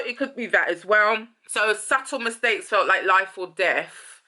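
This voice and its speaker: A woman's voice: mid-range voice, moderate pace, pushed and bright. A woman hosting a casual song commentary, thinking aloud, rephrasing and trailing off as she muses. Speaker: host.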